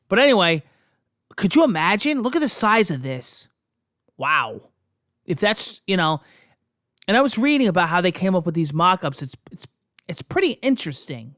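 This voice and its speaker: A gaming video host chatting excitedly about console news, rambling through restarts and scoffing at critics. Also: mid-range voice, normal speed, no room sound, clean studio sound. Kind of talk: casual gaming news vlog.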